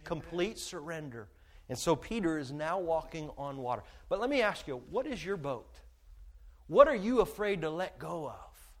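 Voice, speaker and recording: A man preaching a sermon as pastor, emphatic, swinging from shouted peaks to hushed asides. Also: fairly high pitch, expressive, moderate pace.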